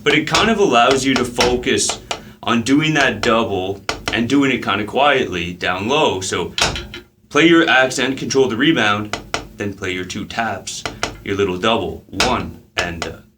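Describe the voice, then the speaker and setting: A man teaching a drum lesson in a relaxed way, counting the beats out loud as he plays. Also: medium pitch, unhurried, background noise. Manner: counts beats aloud while playing, casual with fillers. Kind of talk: relaxed instructional talk.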